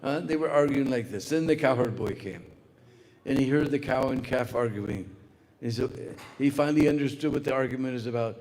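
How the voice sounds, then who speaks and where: A man's voice: mid-range voice, fairly quick. A man giving a spiritual lecture, telling a story with lots of "uh" fillers. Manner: animated storyteller with many fillers. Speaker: spiritual speaker. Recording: long hall reverb.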